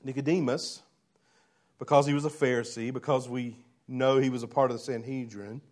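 A pastor preaching a sermon, swinging between loud emphatic lines and quiet low ones while asking the congregation rhetorical questions. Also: male voice, fairly even intonation, moderate pace.

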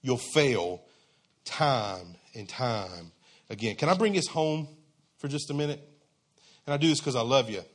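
A man's voice: medium pitch, animated, a little slow, pauses often. A man preaching a sermon in a conversational, emphatic, folksy way.

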